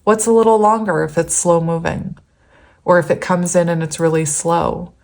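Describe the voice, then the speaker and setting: A woman's voice: lowish voice, fairly even intonation, moderate pace, creaky, a little mellow. A woman giving a casual tarot reading to viewers, chatty and rambling, laughing often between cards. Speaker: tarot reader.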